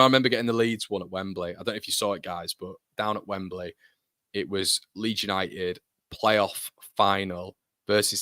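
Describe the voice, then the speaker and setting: A man's voice: low voice, bright, forceful tone, no echo, studio quality. A man in his thirties with a British accent, hosting a casual live football watchalong and chatting loosely while reading out viewer messages. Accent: British English. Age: 30s. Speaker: football fan channel host.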